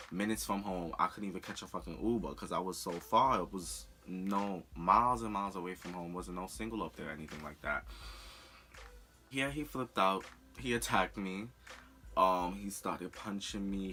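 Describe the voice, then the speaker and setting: A young man telling a personal story in a candid, profane, animated way on a storytime vlog. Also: deep voice. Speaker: vlogger.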